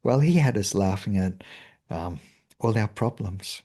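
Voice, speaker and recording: An Australian man with a dark, mellow voice who talks unhurriedly. He tells stories with lively energy, then slips into a soft, slow voice to guide a meditation. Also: on the low side. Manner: animated storyteller, bursts of laughter and put-on voices.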